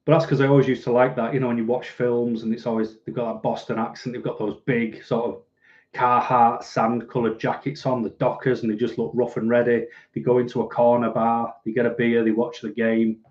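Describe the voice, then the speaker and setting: A man's voice: mid-range voice, little pitch movement, fairly quick. A man hosting a casual livestream, reading viewer comments aloud in a chatty, rambling way and laughing easily. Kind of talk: casual live chat. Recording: dull lo-fi recording.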